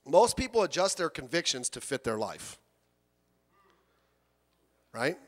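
A male pastor preaching a sermon in a church, animated and conversational, acting out the people he quotes and swinging from soft asides to loud outbursts. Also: a little high, measured pace, big-room sound.

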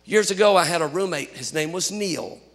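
A pastor preaching a sermon, telling animated stories and rising to shouts. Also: male voice, high-pitched, normal speed, big-room sound.

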